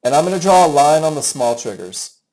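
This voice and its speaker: A man's voice: on the high side, lively intonation, brisk, mellow, low-quality recording. A middle-aged man teaching a live trading webinar, chatty and enthusiastic, calling students by name as he reviews their trades. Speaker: trading instructor.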